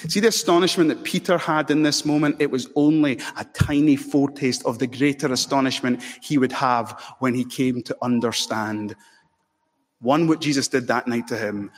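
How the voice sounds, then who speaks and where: A man preaching a sermon with passion, building to loud emphatic peaks. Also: mid-range voice, normal speed. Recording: long hall reverb.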